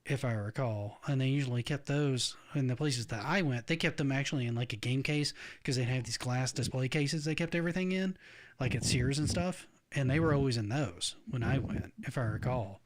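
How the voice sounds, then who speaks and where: A man's voice: mid-range voice, brisk, noisy background. A middle-aged man hosting a casual podcast chat, rambling with frequent restarts and laughing often. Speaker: podcast host.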